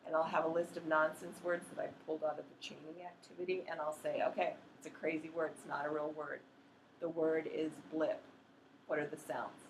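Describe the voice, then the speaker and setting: Low gravelly woman explaining in an echoey room. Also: flat delivery, a little hiss or hum. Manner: practical, chatty, demonstrates sounds slowly. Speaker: literacy educator training teachers. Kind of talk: workshop explanation with demonstrations.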